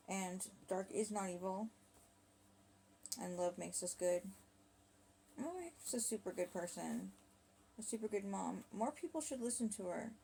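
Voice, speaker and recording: A woman voicing her husband's remorseful, halting prayer in a rhyming story. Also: medium pitch, vocal fry, dark tone, slight background noise, lightly acted. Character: husband praying, sincere and remorseful.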